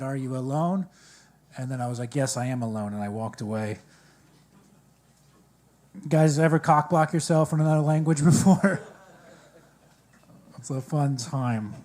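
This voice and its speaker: A man from Maryland doing a stand-up set at a coffee shop open mic, dry and halting with many fillers. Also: on the high side, mellow. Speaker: stand-up comedian.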